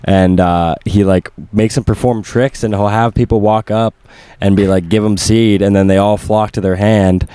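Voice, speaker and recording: A young man in casual podcast chat, laid-back and quick to laugh. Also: lowish voice, fairly even intonation, warm tone, clean tone, no echo. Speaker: podcast guest host and comedian.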